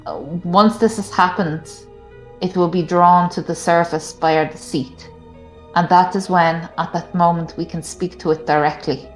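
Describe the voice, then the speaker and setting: A woman with a fairly low, evenly intoned voice speaks at a normal speed. She is a player in a tabletop game, hesitantly laying out her character's plan step by step. The recording comes from an echoey room with music in the background.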